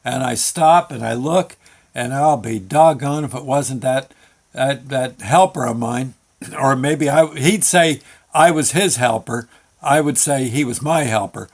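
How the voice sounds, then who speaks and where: A man hosting his own show, telling a long work story in a halting, folksy way with many fillers and restarts. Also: mid-range voice. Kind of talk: rambling spoken storytelling.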